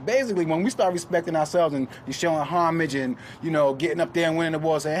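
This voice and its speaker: A male rapper being interviewed, speaking in a loose, casual way with a slightly raised pitch. He laughs often and gets lively when he acts out what others say. A faint hum of noise sits behind him. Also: fast talker, hardly any pauses.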